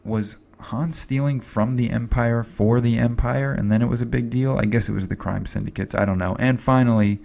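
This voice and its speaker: A man's voice: medium pitch, fairly even intonation, moderate pace, creaky, few pauses, a little mellow. A man giving a chatty, rambling movie review to camera, full of fillers and asides. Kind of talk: casual film review to camera.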